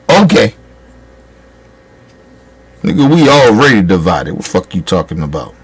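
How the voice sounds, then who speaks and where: A man's voice: low voice, sing-song, normal speed, pauses often, husky. A man delivering a heated, profane political rant as a commentator, scolding his listeners.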